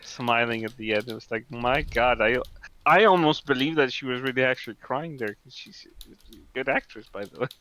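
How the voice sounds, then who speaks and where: A man in casual chat, telling rambling, animated stories about customer service. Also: mid-range voice, a little fast, rough recording.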